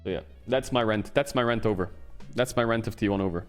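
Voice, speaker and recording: A man's voice: lowish voice, fast, faint music behind. A man streaming casual game commentary, ranting and swearing, with lots of emphatic repetition.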